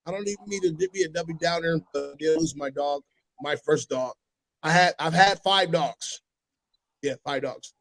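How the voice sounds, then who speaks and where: A man hosting a casual podcast, telling stories with animated delivery and sudden loud impressions. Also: a little high, moderate pace, vocal fry, low-quality recording. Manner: animated storytelling, breaks into loud shouted impressions. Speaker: podcast host.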